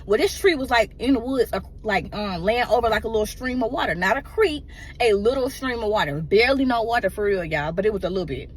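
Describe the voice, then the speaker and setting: A woman's voice: a little high, lively intonation, fast talker, slight background noise. A woman emotionally telling a personal story in a casual, rambling way and often addressing her listeners directly.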